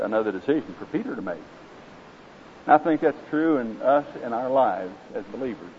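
A man with an Oklahoma accent preaching a sermon, folksy and conversational, then reading a parable aloud. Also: mid-range voice. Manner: folksy, conversational and direct with listeners. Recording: slightly dull with faint hiss.

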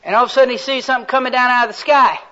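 A male preacher delivering a sermon with fervent, folksy storytelling. His voice is strikingly high for a man. The recording is a little dull and muffled. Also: fairly even intonation, rapid-fire, sharp tone.

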